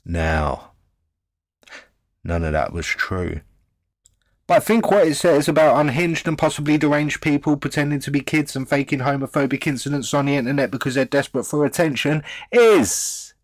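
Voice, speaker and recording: A man's voice: on the high side, lively intonation, moderate pace, dry recording. A man hosts a commentary show in a mocking, rambling way, and he swears a lot. His voice is recorded close and dry, with no room sound. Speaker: host. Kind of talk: sardonic commentary.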